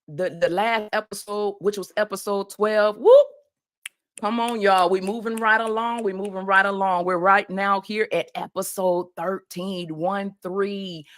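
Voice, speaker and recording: A woman's voice: medium pitch, fairly bright tone. A woman hosting a faith-based motivational podcast, talking in a preacherly call-and-response way and often calling out "y'all". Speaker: podcast host and life coach.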